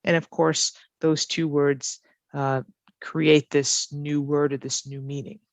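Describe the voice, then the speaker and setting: Woman ESL teacher, unhurried and careful, repeats phrases, dry recording. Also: low-pitched, level tone, creaky, no room sound. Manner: repeats key phrases slowly for learners. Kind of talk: slow, careful teaching explanation.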